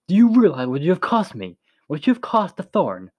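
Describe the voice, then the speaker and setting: A man reading a story, voicing a brawny, cruel male commander who talks in a loud, barking way. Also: on the high side, wildly swooping pitch, fairly quick, dry recording, pitched above the performer's own voice. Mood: furious.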